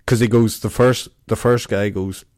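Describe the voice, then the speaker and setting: A man, co-hosting a casual podcast chat, blunt and quick to cut in and correct. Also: fairly low pitch, fairly even intonation, darkish tone, no room sound, clean studio sound. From Ireland. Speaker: podcast co-host.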